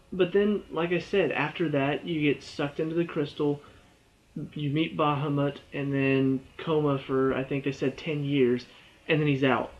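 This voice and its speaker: A man's voice: a little high, dull audio. A man giving a casual spoken game review, rambling and exasperated, with lots of "you know" and "all of a sudden.".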